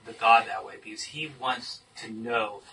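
Bright, animated man leading Bible study. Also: lowish voice, normal speed, vocal fry. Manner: animated, emphatic teaching. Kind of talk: teaching discussion. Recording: distant mic with faint noise.

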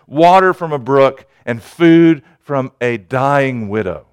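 Earnest pastor with a smooth, clear voice. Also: male voice, a little high, measured pace, few pauses. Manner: earnest, rising to urgent pleading then dropping to quiet. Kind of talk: sermon.

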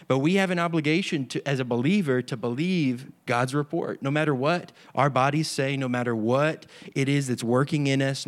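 A man giving an informal sermon-style teaching on healing prayer, earnest and conversational, acting out the voices of people in his stories. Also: medium pitch. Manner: earnest, acts out quoted voices. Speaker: healing ministry leader.

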